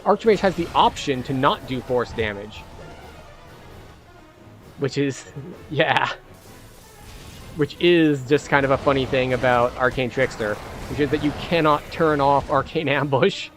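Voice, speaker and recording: A man live-streaming a game, chatting casually and thinking out loud as he plays. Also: mid-range voice, a little slow, pauses often, soft background music. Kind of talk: live-stream gameplay commentary.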